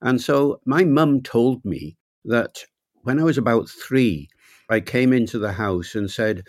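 An older man from Wales, a linguist guest in an interview, telling anecdotes in a reflective, measured way. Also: medium pitch, no echo, clean studio sound. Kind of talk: relaxed interview storytelling.

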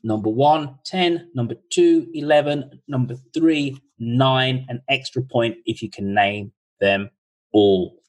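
A man hosting a podcast over a video call, reading out quiz questions slowly and repeating each one in a chatty way. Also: mid-range voice, poor audio. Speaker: podcast host running a quiz.

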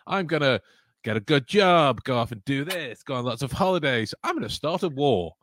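A man's voice: mid-range voice, animated, moderate pace, fairly bright tone, no echo, clean studio sound. A man hosting a casual podcast chat, stumbling and repeating his words and laughing often. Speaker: podcast host.

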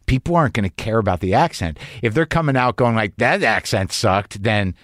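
A man's voice: on the low side, expressive, fast, no echo, clean studio sound. Chatty joking male podcast host. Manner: chatty, joking, blunt with casual swearing. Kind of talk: casual interview conversation.

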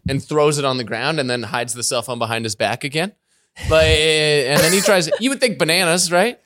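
A man hosting a podcast, chatting casually and telling animated stories, often laughing and acting out voices. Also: a little high, normal speed, no echo, studio quality. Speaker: podcast host. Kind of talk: casual chat.

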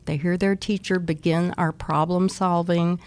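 A middle-aged woman, an early childhood educator, explaining teaching methods as an interview guest, acting out quotes in soft whispers. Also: on the low side, steady tone, a little slow.

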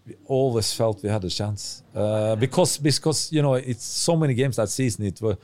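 A man who is a former footballer, a guest on a podcast, talking in a relaxed and halting way as he searches for his words. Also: medium pitch.

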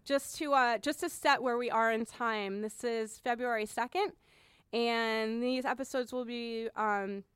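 A woman hosting a podcast in a studio, chatty and quick to laugh, often restarting her sentences. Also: on the high side, steady tone, fairly bright tone, clean tone, no room sound. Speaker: podcast host. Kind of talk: casual podcast chat.

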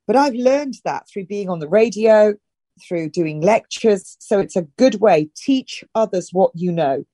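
A woman's voice: mid-range voice, lively intonation, warm tone, no room sound, clean studio sound. A middle-aged woman from northern England, a health and wellness guest, giving direct, emphatic advice in a casual interview. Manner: direct and emphatic, with brisk instructions.

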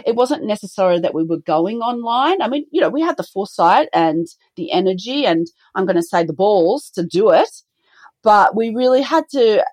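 Lively businesswoman telling stories. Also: medium pitch, no echo. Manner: animated storyteller, acts out quoted dialogue. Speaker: business co-founder and guest. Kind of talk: conversational podcast interview.

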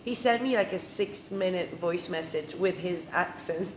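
Woman, animated, laughing asides, restaurant echo. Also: on the low side, measured pace. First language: French. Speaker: director. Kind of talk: casual group chat. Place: restaurant on location. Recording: roomy restaurant echo, faint hum.

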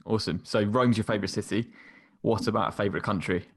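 A man's voice: lowish voice, steady tone, quick pace, breathy edge. A man hosting a podcast, asking questions with brief, encouraging replies. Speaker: podcast host. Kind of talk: casual interview.

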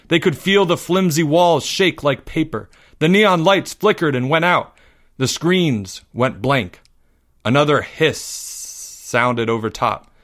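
A man's voice: medium pitch, fairly bright tone. Man reading a story aloud. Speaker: narrator. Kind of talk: scripted story narration.

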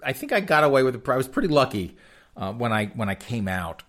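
A man's voice: mid-range voice, very animated, fast talker, fairly bright tone. A man hosting a podcast, reading odd crime stories aloud and mocking them in a folksy, sarcastic way, laughing often. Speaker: podcast host. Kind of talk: comedic news commentary.

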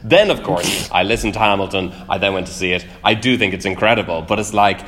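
A man's voice: lowish voice, quick pace, fairly bright tone. A man chatting casually on a panel, trailing into asides and laughing often. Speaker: podcast panelist. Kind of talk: casual chat.

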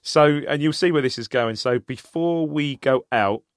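A man's voice: a little high, normal speed, dry recording. Man from England, co-host, loose rambling storyteller, dry close sound. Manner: rambling storyteller, laughs often. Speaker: podcast co-host. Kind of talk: casual football chat.

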